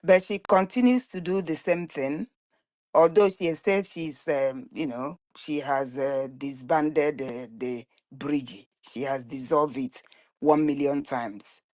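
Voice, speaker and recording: A woman with a voice pitched a little low speaks to an online group. She is earnest and emphatic, but her phrases halt and restart as she repeats words mid-thought. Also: slow, darkish tone. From Nigeria (Biafran region). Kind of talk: impassioned spoken commentary.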